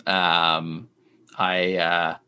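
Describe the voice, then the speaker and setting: Young male founder in recovery, candid and rambling, fillers throughout, fairly low voice. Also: completely flat delivery, extremely slow, bright, forceful tone, clean tone. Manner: rambling, heavy use of "like" fillers. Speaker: startup founder in addiction recovery. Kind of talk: candid interview answers.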